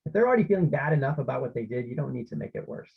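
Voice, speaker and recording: A man talks through a parenting workshop over a video call, casual and full of restarts. His voice is gravelly and husky, with a lively pitch. The call audio is slightly muffled. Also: very fast. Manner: conversational, with many fillers and restarts. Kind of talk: informal online workshop talk.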